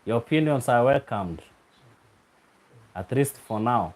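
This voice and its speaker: A man hosts a live stream in a relaxed, drawn-out way. He laughs often and teases viewers, repeating their names as he reads their comments aloud. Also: mid-range voice. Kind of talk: casual live stream chat reading comments.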